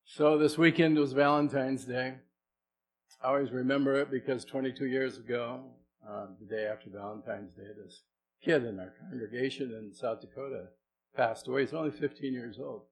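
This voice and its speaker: A middle-aged man, a pastor, preaching a sermon in a conversational way, asking the congregation questions and moving between soft and loud delivery. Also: medium pitch, steady tone, moderate pace, noisy background.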